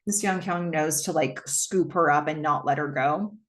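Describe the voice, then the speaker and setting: A woman's voice: low-pitched, moderate pace. A woman casually retelling a film's plot, chatty with lots of fillers and visibly moved. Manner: conversational with many fillers, emotional. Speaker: film recap host. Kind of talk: casual movie recap.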